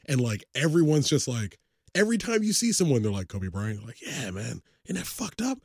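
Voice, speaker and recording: A podcast co-host chats loosely and profanely about sports, sounding animated and occasionally breaking into song. His fairly high voice is brisk, gravelly, and husky, captured in studio quality with no echo.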